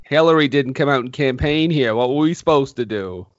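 A man's voice: medium pitch, fairly quick, dry recording, lo-fi sound. A man co-hosting a casual film podcast, playful and teasing, laughing often. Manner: playful, laughs often, teases his co-host. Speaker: podcast co-host.

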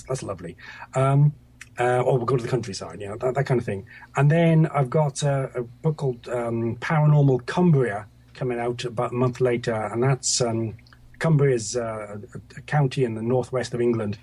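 A man's voice: mid-range voice, fairly quick, mellow, breathy edge. A middle-aged man from Scotland, a guest author talking over a video call, hesitant with many fillers and restarts.

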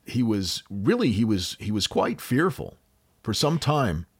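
A man's voice: fairly low pitch, unhurried, husky. A man with an American accent, hosting a podcast and casually retelling a true-crime case with jokes and fillers. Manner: relaxed, joking, with frequent fillers. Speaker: podcast host.

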